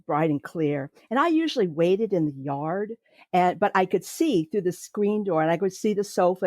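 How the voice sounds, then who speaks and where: A woman's voice: lowish voice, a little mellow, no echo, clean studio sound. An older woman telling a personal childhood story in a reflective, hesitant way, with many fillers. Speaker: storyteller recounting her childhood.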